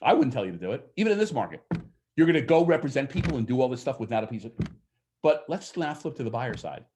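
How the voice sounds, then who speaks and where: A man giving a lively seminar talk to an audience of agents, asking them questions and acting out what clients say. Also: medium pitch, quick pace, slight background noise. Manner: energetic, asks the audience questions, acts out quoted clients. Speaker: real estate sales trainer.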